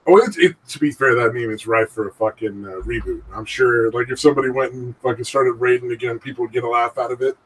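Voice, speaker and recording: A man's voice: mid-range voice, fairly even intonation, fast talker, hardly any pauses, a bit bright, breathy edge, recorded from a distance, rough recording. A man co-hosting a casual podcast chat, rambling and swearing freely and laughing often. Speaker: podcast co-host.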